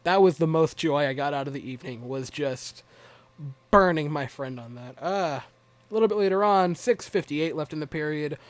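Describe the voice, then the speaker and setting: A man's voice: fairly high pitch, normal speed, no echo. A young man giving a rambling, wry, self-mocking recap of a hockey game as a fan vlogger.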